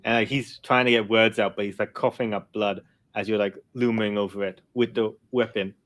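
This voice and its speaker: A man's voice: lowish voice, steady tone, brisk, fairly bright tone. A man running a tabletop role-playing game as game master, narrating a fight in a vivid, rambling way with many fillers.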